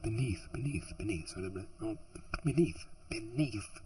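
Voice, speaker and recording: A man's voice: on the low side, a little slow, noisy background. A man reading a fantasy audiobook who keeps stumbling, restarting lines and joking to himself between passages. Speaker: audiobook narrator. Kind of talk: audiobook outtakes with rambling asides.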